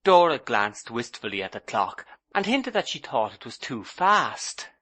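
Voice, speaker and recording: A man's voice: medium pitch, big pitch swings, measured pace, pushed and bright. A man narrating a classic novel as an audiobook in the first person, telling the scene expressively. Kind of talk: scripted narration.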